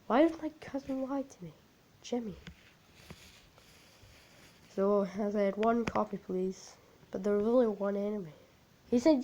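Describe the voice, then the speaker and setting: Slow, halting woman telling a creepy tale. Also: medium pitch, warm tone, highs cut off. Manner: halting, repetitive, unpolished. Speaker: storyteller. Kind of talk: amateur creepypasta narration.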